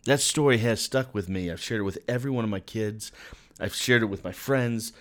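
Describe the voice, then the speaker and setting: A man's voice: on the low side, fairly quick, a bit bright. Earnest man giving a devotional talk. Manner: earnest, conversational, addresses the listener directly. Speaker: speaker.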